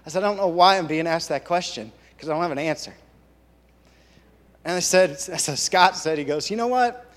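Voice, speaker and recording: Man, church elder, earnest halting testimony, fairly high voice, long hall echo. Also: fairly bright tone. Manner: halting, earnest storytelling with many restarts. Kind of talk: personal testimony to a congregation. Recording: long reverb of a large hall.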